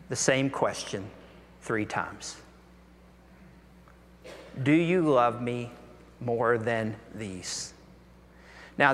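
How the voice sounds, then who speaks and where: A man's voice: medium pitch, a bit bright. A man preaching a sermon, earnest and full of rhetorical questions, his voice rising when he presses a point. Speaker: pastor. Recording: long hall reverb.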